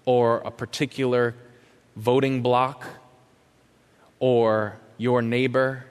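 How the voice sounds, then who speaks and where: A man preaching a sermon as a pastor, impassioned and questioning, swinging from loud to hushed. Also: medium pitch, fairly even intonation, measured pace, clean tone. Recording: long hall reverb.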